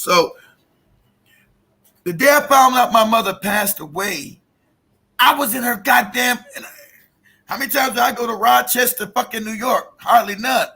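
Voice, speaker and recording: A middle-aged man recounts a personal story in loose, profane talk, stopping and restarting his sentences. His voice sits unusually high and sounds slightly husky. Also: pushed and bright. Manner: profane, emphatic, many restarts. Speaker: guest telling a personal story. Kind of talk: emotional casual storytelling.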